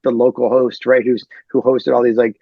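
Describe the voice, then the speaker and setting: A man from Detroit, a novelist guest on a podcast, talking in a rambling, animated way full of fillers. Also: mid-range voice, moderate pace, creaky, breathy edge, no room sound, phone-quality sound. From Detroit, USA. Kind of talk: casual podcast chat.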